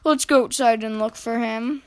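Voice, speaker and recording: A woman's voice: on the high side, steady tone, moderate pace, lightly acted. A woman voicing a bossy, snappish cat in a children's storybook, speaking sharply. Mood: worried.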